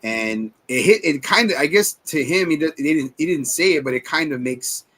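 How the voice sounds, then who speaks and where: A man's voice: on the high side, lively intonation, moderate pace, a bit bright, husky. A man in his forties co-hosting a casual movie review chat, rambling and swearing as he retells scenes. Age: 40s. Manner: rambling, profane, retells scenes in quoted voices. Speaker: podcast co-host.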